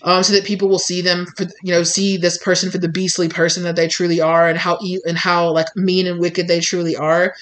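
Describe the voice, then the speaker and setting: A woman's voice: on the low side, little pitch movement, a little fast, hardly any pauses, a bit bright, poor audio. A woman giving a casual spoken tarot reading to her viewers, rambling with many filler words and acting out quoted voices. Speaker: tarot reader.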